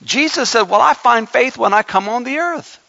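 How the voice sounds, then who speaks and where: Male pastor, high and gravelly, bright edge, preaching with emphasis and humor, slightly dull recording. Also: expressive, moderate pace, dry recording. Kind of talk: sermon.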